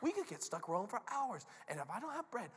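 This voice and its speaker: A man voicing a group of grown men who bicker and complain in a high, whiny voice. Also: sing-song, quick pace, slightly rough, full character voice. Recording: long reverb of a large hall.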